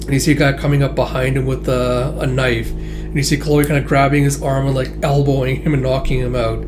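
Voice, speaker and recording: A man casually reading a comic aloud and commenting, with swearing and quick asides. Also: mid-range voice, level tone, over music. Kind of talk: casual read-through and commentary.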